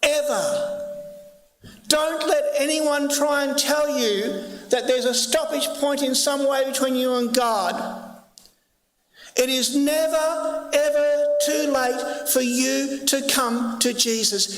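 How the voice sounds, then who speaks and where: Male pastor, sermon, high voice, slow deliberate delivery, echoey church hall, long reverb. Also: fairly even intonation. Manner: earnest, emphatic repetition. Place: church sanctuary.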